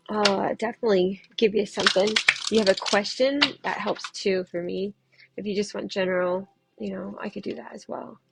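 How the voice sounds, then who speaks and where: A woman's voice: mid-range voice, vocal fry, background noise. A woman who reads tarot, chatting casually and loosely on a livestream from home and laughing often. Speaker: tarot reader.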